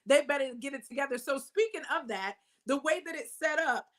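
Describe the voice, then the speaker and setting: High bright-voiced woman host. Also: animated, brisk. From Iowa. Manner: encouraging, upbeat. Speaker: show host. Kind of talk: casual interview chat.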